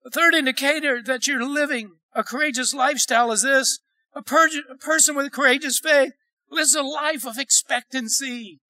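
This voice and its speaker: A man preaching a sermon in church, emphatic, dropping to a hush and rising to shouts. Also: very high voice, steady tone, moderate pace, no echo, poor audio. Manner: emphatic, swinging from hushed to shouting. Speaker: pastor. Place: church sanctuary.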